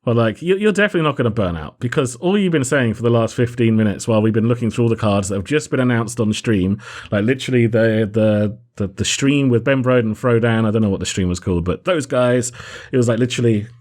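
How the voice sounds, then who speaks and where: A man's voice: mid-range voice, fast talker, darkish tone. A young man hosting a casual gaming podcast, joking and self-deprecating with his co-hosts. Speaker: podcast host.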